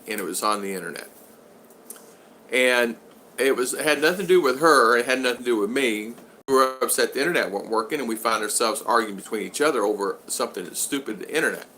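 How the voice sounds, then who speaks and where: An older man chatting on a live stream in a bright, forceful voice, meandering from story to story. His pitch sits in an ordinary middle range, and a faint hiss of noise hangs under the talk. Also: animated, fairly quick. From United States. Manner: rambling, reads out viewer comments. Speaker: vlog host. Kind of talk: casual live-stream chat.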